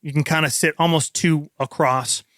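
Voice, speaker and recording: Bright-voiced man narrating as game master. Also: on the high side, steady tone, normal speed, no echo. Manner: vivid descriptive narration with fillers.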